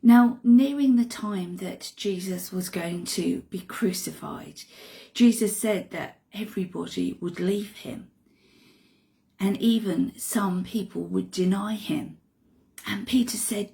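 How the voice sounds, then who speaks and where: A woman retelling a Bible story in an expressive way, dropping to hushed asides. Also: medium pitch, slow, gravelly.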